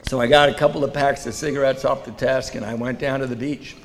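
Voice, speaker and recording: A man telling his recovery story to a live meeting audience, candid, swinging between loud and hushed. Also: mid-range voice, steady tone, fast. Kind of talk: personal testimony to a live audience. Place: meeting hall. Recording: reverberant hall.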